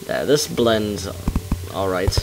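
A man with a somewhat low voice talks casually while gaming with friends. Music plays behind him. His remarks come out laid-back and dry. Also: big pitch swings, slow, gravelly, poor audio. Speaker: gamer playing with friends. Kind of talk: casual let's play chat.

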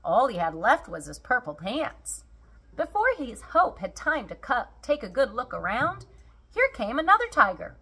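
Woman reading a kids' picture book, slow and lively, bright slightly breathy voice. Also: mid-range voice. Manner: expressive and unhurried. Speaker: storyteller. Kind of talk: children's storybook read-aloud.

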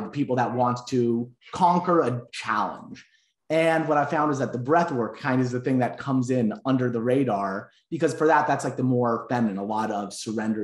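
A man, a breathwork instructor, telling stories in a reflective, earnest way during a casual interview. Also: medium pitch. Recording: roomy echo.

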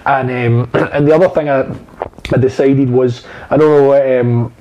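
A man's voice: mid-range voice, fairly even intonation, a little slow, mellow, lo-fi sound, a little hiss or hum. A man, an actor chatting casually and telling long, rambling anecdotes full of fillers and swearing. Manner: rambling, profane storyteller with many fillers. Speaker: actor guest.

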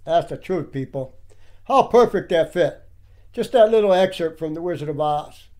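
Male commentator, preaching tone, calls out to his listeners often, fairly high voice. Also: lively intonation, normal speed, a little mellow. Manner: emphatic, keeps addressing the audience as "people". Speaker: religious commentator. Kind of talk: preaching commentary over clips.

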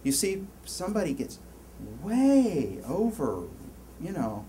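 A man giving a university lecture, rambling and animated, with many restarts and asides to the class. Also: high voice, normal speed, slight background noise. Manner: animated, rambling, lots of self-interruptions. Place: lecture hall.

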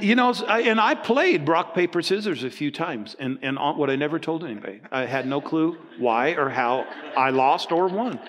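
Animated pastor in his sixties, higher voice. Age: 60s. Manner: animated storytelling, acting out dialogue. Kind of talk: sermon.

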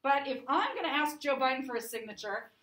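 A woman's voice: high-pitched, expressive, brisk, fairly bright tone. A woman teaching a class lecture in a conversational way, often checking in with the listeners. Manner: conversational, checks in with frequent "right?" and "okay?". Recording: echoey room, voice from a distance.

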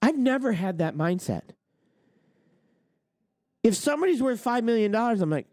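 A man's voice: very high voice, big pitch swings, normal speed, long pauses, darkish tone, no room sound. Guy ranting about stuff, super sarcastic, swears a lot, voice jumps all over, dry sound. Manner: heated, sarcastic, swears, mocks others in put-on quotes. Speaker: trucking channel host. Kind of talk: ranting opinion monologue.

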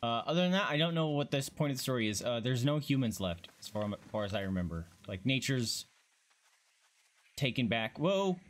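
Excitable gushing man playing a game. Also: medium pitch, brisk. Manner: gushing and excitable, squeals and swears. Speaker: gaming streamer. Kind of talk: casual let's-play commentary.

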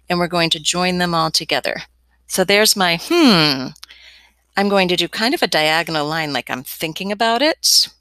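Cheerful art teacher woman, crisp dry voice. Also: lowish voice, pushed and bright, no room sound. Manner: chatty, encouraging, playful asides. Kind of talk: step-by-step drawing lesson.

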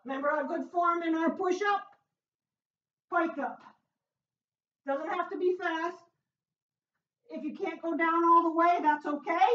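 High-voiced woman cheering on a workout. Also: fairly bright tone. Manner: upbeat, encouraging, frequent whoops. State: out of breath. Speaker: fitness instructor. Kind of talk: workout coaching. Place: home workout room. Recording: echoey room, far from mic, dull sound.

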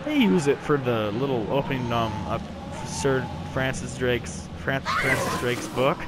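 A man's voice: medium pitch, lively intonation, measured pace, heavy background noise. A young man casually commenting on a game he is playing, rambling and joking as he goes. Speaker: gameplay commentator. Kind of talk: casual let's play commentary.

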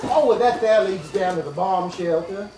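An actor playing a patient, well-off son who explains things calmly. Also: male voice, sits high, moderate pace, crowd noise, close to an everyday voice. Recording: echoey room from a far camera with hiss.

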